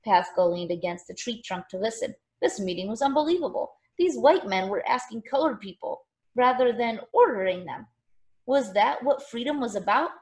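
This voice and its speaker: A woman reading a children's novel aloud with expressive, animated storytelling. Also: a little high, moderate pace. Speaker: narrator.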